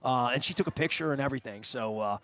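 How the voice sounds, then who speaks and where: Here the radio host, a middle-aged man, talks fast in a medium-pitched, fairly bright voice. Interviewing someone in a restaurant in a casual way, he spins out a long, loose story full of restarts.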